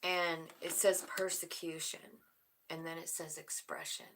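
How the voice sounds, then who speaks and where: A woman giving a spiritual tarot reading, soft-spoken and emotional, often dropping to a whisper. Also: low voice, little pitch movement, measured pace, a little hiss or hum, poor audio. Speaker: tarot reader.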